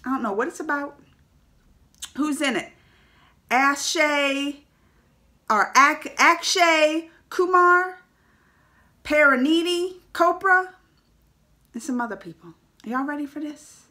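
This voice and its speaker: High, bright-voiced excitable woman. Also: slow pace, pauses often. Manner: loud, exclaiming, talks straight to viewers. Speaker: reaction video host. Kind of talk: excited trailer reaction.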